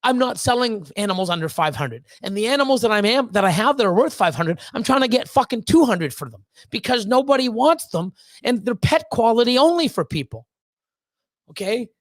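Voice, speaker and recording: On a relaxed livestream, a reptile breeder running the channel speaks briskly and animatedly at medium pitch to his chat. Over and over he pleads emphatically, cursing bluntly and heatedly while tripping over restarted sentences.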